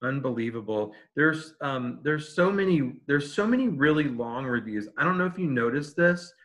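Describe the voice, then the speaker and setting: A man's voice: medium pitch, lively intonation, normal speed, a bit bright. A man co-hosting a casual chat, joking with wry, sarcastic asides.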